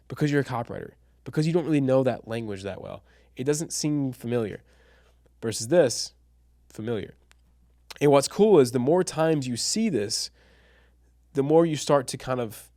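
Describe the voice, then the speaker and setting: A man's voice: medium pitch, darkish tone, dry recording, clean studio sound. A young man teaching a casual online copywriting lesson, chatty and slangy, calling listeners bro and dude and laughing at his own examples.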